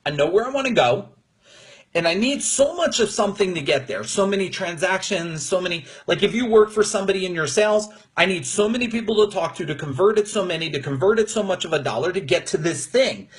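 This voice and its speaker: A man coaches his live-stream audience in a high, husky voice. He is blunt and profane, and he mocks people who complain. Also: expressive, fast. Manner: blunt, profane, mocking, mimics whiners in silly voices. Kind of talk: unscripted motivational talk to viewers. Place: room with neighbors next door.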